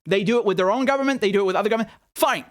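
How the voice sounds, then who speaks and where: A man with a high-pitched voice giving a heated, incredulous rant on politics. He stumbles and restarts often and fires off rhetorical questions. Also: very fast. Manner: incredulous, animated, many restarts. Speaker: political commentator. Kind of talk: casual ranting commentary.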